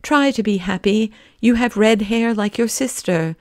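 A woman's voice: on the high side, unhurried, darkish tone, no room sound, clean studio sound, natural voice. Syme, a woman reading an earnest troubled young man. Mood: moved. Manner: pleading, heartfelt. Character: earnest, troubled young male poet-detective. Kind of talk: audiobook character reading.

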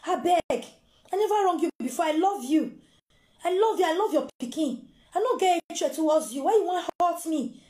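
A woman acting out a desperate mother who begs her old friend through tears in a Nigerian Pidgin accent. The pleading voice is high, and it is heard in a roomy echo as part of a spoken story. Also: lively intonation, brisk, a little mellow. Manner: pleading, tearful.

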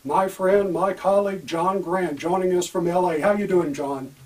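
Fired-up guy hosting a politics show, kinda high voice, bit far from the mic, light hiss. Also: steady tone, normal speed, a little mellow. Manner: heated, emphatic, repeats key words. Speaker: podcast host.

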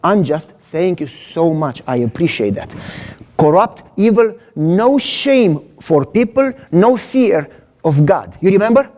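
A man preaching and answering audience questions, emphatic and teacherly, repeating key lines slowly. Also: high-pitched, big pitch swings, darkish tone. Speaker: pastor. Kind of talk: sermon Q&A with audience.

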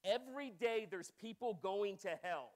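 A man in his thirties delivers a sermon in a high voice. He grows impassioned and doubles back on his words. He pleads with the congregation. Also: lively intonation, normal speed. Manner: impassioned, repeats words when worked up. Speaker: preacher.

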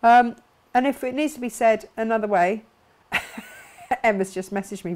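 A woman's voice: fairly high pitch, animated, unhurried, darkish tone. Bubbly chatty woman host. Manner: bubbly, chatty, laughs often. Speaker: host of a craft shop live stream. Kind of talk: chatty live stream, reading out viewer comments.

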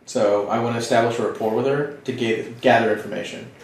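A man playing a tabletop role-playing game, speaking smoothly and persuasively in character. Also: mid-range voice, fairly even intonation, fast talker, slight background noise. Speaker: player. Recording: very echoey room, distant mic.

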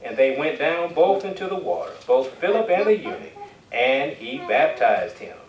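Preacher in an echoey church hall. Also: male voice, on the high side, big pitch swings, normal speed, lo-fi sound. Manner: call-and-response, asks the congregation for amens; reads scripture aloud in King James wording. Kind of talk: sermon with Bible reading. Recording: echoey church hall, distant mic, faint hiss.

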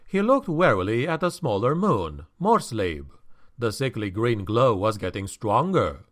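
A man reading a fantasy audiobook in a measured, expressive storytelling manner. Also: mid-range voice. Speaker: audiobook narrator. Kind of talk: scripted fantasy audiobook narration.

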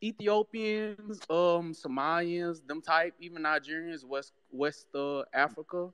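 A man's voice: on the high side, steady tone, measured pace, a bit bright, clean tone, no room sound. A man from South Sudan calling in to a radio show, friendly and laid-back. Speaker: caller. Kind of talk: call-in chat.

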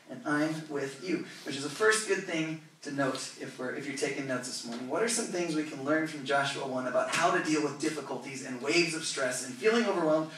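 A man from California, a pastor preaching a lively, conversational sermon with asides to his congregation. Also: fairly high pitch, a little hiss or hum. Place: church sanctuary. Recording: echoey church hall, voice from a distance.

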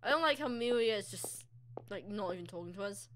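Young woman gamer, lively voice that jumps all over, reacting and reading the game's lines. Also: mid-range voice, fairly quick. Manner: excitable, reacting aloud, reading character lines. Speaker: let's play gamer. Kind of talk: casual gameplay commentary reading dialogue aloud.

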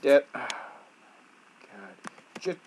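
A man doing gameplay commentary as a gaming YouTuber, swinging between yelling at the game and muttering to himself. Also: extremely slow, slight background noise, poor audio.

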